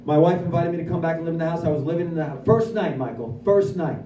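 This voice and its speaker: A man giving a lively personal recovery testimony at a speaker meeting, acting out his own dialogue as he goes. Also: fairly high pitch, fairly quick, a little hiss or hum. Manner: animated storyteller who acts out his own dialogue. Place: meeting room at a recovery center. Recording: echoey room, voice from far off.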